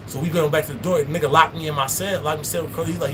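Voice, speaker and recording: A man in his thirties spins a story in a loose, profane, slang-filled way, tripping over and restarting his lines as he goes. His voice sits a touch higher than most men's, with a faint hiss of noise under the recording. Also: quick pace, few pauses, a bit bright. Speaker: vlogger. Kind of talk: storytime monologue.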